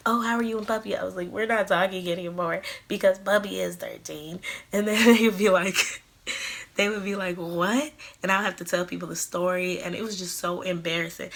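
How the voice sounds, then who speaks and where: A woman's voice: on the low side, vocal fry, fairly bright tone. A woman of about twenty-one, telling a storytime vlog and acting out the quoted lines. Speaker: vlogger.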